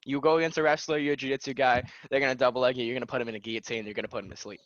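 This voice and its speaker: A man's voice: mid-range voice, very fast, dry recording, highs cut off. A young man chatting on a podcast, telling a story with lots of energy and acting out what people said. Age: young adult. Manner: animated storytelling, acts out quotes. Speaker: guest. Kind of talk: casual podcast chat.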